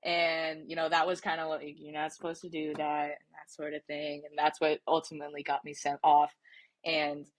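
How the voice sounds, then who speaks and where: A woman's voice: deep voice, monotone, normal speed. A young woman in her twenties, a soccer player and podcast guest, telling a story casually with many fillers and restarts.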